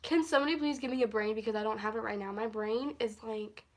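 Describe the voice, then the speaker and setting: A woman's voice: a little high, steady tone, quick pace. A young woman telling a story in a casual vlog on her phone at home, rambling, easily sidetracked and laughing often. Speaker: vlogger. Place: at home, indoors.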